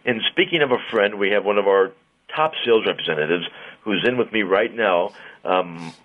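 A man's voice: lowish voice, normal speed. A man who owns a car dealership, bantering playfully on a radio show. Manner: jokey, playful salesman patter. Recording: tinny phone line.

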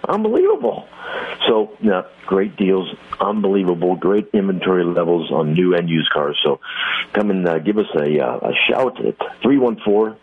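A man with a very low, husky voice comes through a thin, tinny phone line. He teases the host and slides into a rambling, joking sales pitch full of fillers. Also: normal speed. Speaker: car dealership owner calling in. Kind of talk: casual radio chat with ad pitch.

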